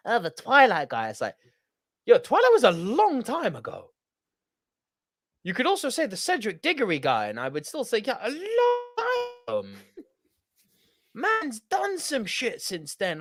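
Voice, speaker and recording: A man co-hosting a podcast, ranting with energy and frequent swearing. His pitch swings widely as he argues, and the sound is close and dry with no room echo. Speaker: podcast co-host. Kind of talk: casual podcast chat.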